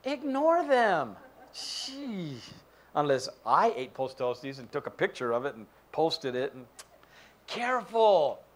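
A man's voice: medium pitch, normal speed, slight background noise. A male pastor giving a sermon in church, joking and acting out quoted voices. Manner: animated, jokey, acts out quoted voices. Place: church sanctuary.

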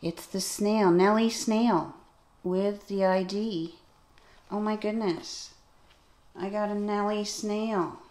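A woman's voice: mid-range voice, fairly even intonation, slow, darkish tone. A woman vlogger unboxing toys in casual commentary, musing to herself and gasping with delight at her finds. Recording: echoey room with clear background noise.

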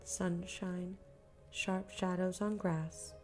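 A woman reads a horror story aloud in the first person, in a slightly low voice. Her delivery is tense and dramatic, dropping to a hush in the darker passages. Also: level tone, extremely slow, soft background music. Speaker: narrator. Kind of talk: scripted horror story narration.

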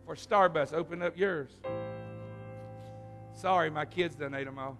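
A man with a high, bright voice leads a lively youth camp service. He coaxes and teases the young people loudly between bits of preaching. A guitar plays faintly behind him. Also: a little slow, pauses often, some chatter behind. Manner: loud, coaxing, teasing. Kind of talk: lively youth service sermon with audience games.

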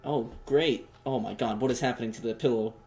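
A young man doing joking let's play commentary, reacting loudly and talking in slang. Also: medium pitch, a little fast, soft background music. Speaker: gamer.

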